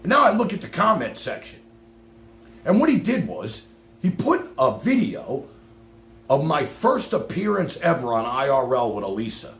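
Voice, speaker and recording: A man ranting on his live stream, profane and passionate, swinging from loud outbursts to low mutters. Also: wildly swooping pitch, moderate pace, roomy sound.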